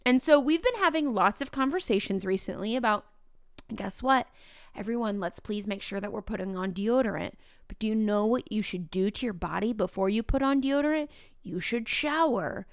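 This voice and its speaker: Teacher-host woman, casual storyteller, a touch of vocal fry, dry close mic. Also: mid-range voice, normal speed, no echo. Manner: animated, acts out students' voices in quotes.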